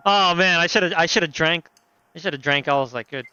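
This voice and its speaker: Bright-voiced man swearing at a game. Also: a little high, fast talker, muffled recording, soft background music. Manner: blunt, swears freely, thinks aloud. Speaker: let's play host. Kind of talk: casual gameplay commentary.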